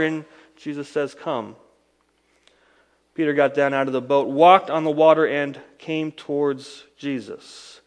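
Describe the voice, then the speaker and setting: A male preacher delivers a sermon in a somewhat higher voice. He retells the story dramatically, surging loud and then falling almost to a whisper. His voice carries a long reverb, as in a church hall. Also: normal speed. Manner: dramatic storytelling, swings between loud emphasis and hushed lines. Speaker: pastor.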